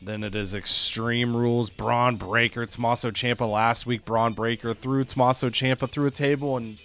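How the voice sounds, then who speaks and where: A man's voice: medium pitch, steady tone, normal speed, hardly any pauses, fairly bright tone, soft background music. A man casually recapping his wrestling game show in a playful way, quipping and acting out wrestlers' lines. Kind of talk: casual gaming chat.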